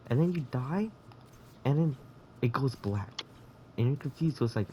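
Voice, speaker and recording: A man's voice: mid-range voice, animated, moderate pace, pauses often, dark tone, slight background noise. A man in a casual voice chat, rambling through absurd hypothetical stories.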